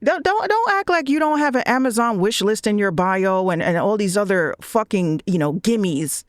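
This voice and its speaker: Woman, VTuber, ranting, cursing, repeats herself, mid-pitched, dry recording. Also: animated, moderate pace, dry recording. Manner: blunt, profane, repeats phrases. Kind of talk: ranting monologue.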